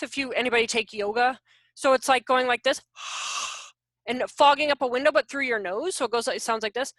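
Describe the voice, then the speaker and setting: Bright, high, lively woman in her forties. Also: no echo, clean studio sound. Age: 40s. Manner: animated, self-deprecating, jokey. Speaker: behavior consultant. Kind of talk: online workshop talk. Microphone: video call.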